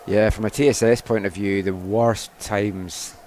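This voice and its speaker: A man giving color commentary on a live women's football match, talking through the play in a relaxed, chatty way with frequent restarts. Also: fairly low pitch, measured pace, slight background noise. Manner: chatty analysis with restarts and "I mean".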